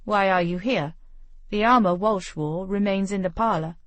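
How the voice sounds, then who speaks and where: Brief: woman doing a calm, gentlemanly lord, wry and measured, slightly lower, dry sound. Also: no room sound, lightly acted. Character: composed young English lord, courteous and wry.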